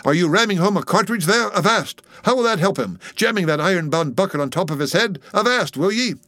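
A man doing a shouting, fed-up sailor in a storybook reading, voice pushed high, dry sound. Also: lively intonation, brisk, no room sound. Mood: exasperated. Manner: loud scolding shouts. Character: exasperated male ship's mate, brash.

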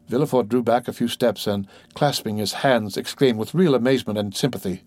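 A man reads a classic novel aloud in a steady, measured narration. His mid-range voice sits dry and close on the mic. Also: mid-range voice, no room sound. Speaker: audiobook narrator. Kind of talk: scripted narration.

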